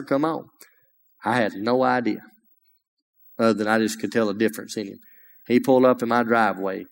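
A man giving a sermon testimony, telling a story earnestly and rising into emphatic preaching. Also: fairly low pitch. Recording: hall reverb.

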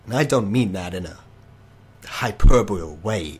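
A man narrating as game master of a tabletop game over an online call, descriptive and halting. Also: on the low side, breathy edge.

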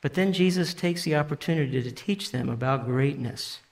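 A man's voice: a little high, moderate pace, gravelly. A man preaching a sermon in a conversational way, paraphrasing scripture and often restarting his sentences. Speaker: pastor. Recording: long reverb of a large hall.

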